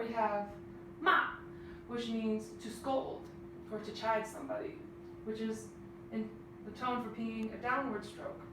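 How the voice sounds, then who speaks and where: A woman explaining language tones slowly and carefully in an instructional video. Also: fairly high pitch, noisy background. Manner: slow, careful, stressing each tone. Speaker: language teacher. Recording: echoey, distant mic with music.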